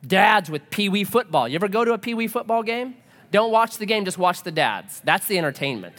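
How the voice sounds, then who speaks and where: A man preaching a sermon as a pastor, animated and joking, acting out quoted voices. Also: high voice, brisk. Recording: long hall reverb.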